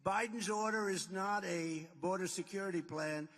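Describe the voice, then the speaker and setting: A man's voice: sits high, normal speed, fairly bright tone. A man addressing a rally as a political candidate, boastful and repetitive, piling up superlatives and wandering into asides. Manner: rambling asides. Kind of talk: rally speech. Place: large rally venue. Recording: long reverb in a large hall.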